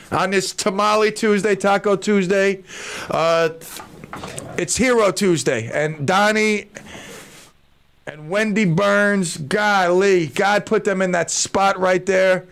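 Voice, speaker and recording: A male radio show host chatting in a rambling, excitable way from his studio, calling out shout-outs to listeners. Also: high voice, creaky, clear, resonant tone. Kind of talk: casual radio chat. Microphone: studio microphone.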